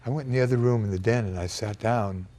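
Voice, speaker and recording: A man recounting a personal memory in an emotional, halting way, pausing and restarting as he goes. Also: lowish voice, dark tone. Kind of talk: personal storytelling.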